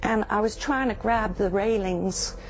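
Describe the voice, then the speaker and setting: An older woman from England, telling her own experiences in an earnest, halting way with pauses. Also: medium pitch, slight background noise. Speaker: interviewee. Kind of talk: recounting personal experience. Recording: muffled news audio with music bed.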